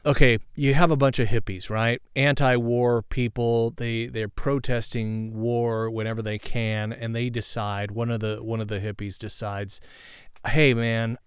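A man's voice: medium pitch, flat delivery, moderate pace, few pauses, clear, resonant tone, no echo, clean studio sound. A man hosting a show, talking reflectively about faith and checking in with "right?". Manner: thoughtful, with many restarts and "right?" tags. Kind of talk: reflective spiritual talk.

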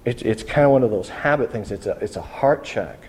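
A man's voice: lowish voice, expressive, a little fast, a little mellow. A man preaching a sermon in a loose, conversational storytelling way, often restarting his sentences. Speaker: pastor.

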